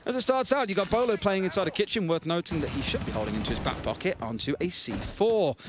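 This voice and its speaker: A man casting a live esports match, chatty and excitable, with event music playing behind him. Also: high voice, fast talker, noisy background. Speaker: esports caster. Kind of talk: play-by-play commentary. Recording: broadcast with loud music behind.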